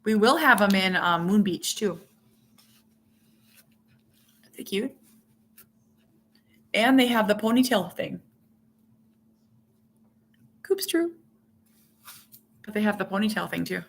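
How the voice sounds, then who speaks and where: A woman's voice: mid-range voice, normal speed, creaky, pauses often, a bit bright. A middle-aged woman hosting a casual live stream, rambling chattily and reading out viewer comments as she goes.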